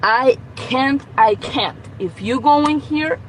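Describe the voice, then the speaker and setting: Sitting in her car, a woman rants into her phone camera, exasperated and swearing, her complaints rising into outbursts. She's a nail tech venting about her experience as a customer. Her voice is high and slow, and the rough recording carries a slight hiss or hum.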